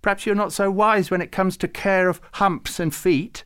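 A man puts on a high, excitable old shepherd saint, swinging wildly from eager delight to fussy indignation. His voice leaps all over the place, far above his plain reading voice. It is a storybook voice that is never still. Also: normal speed. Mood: indignant. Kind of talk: storybook character voice.

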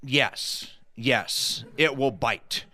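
A man voicing a deadpan, matter-of-fact young male camp counselor in a storytelling performance, speaking slowly and gravely. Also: medium pitch, pitched below the performer's own voice, full character voice.

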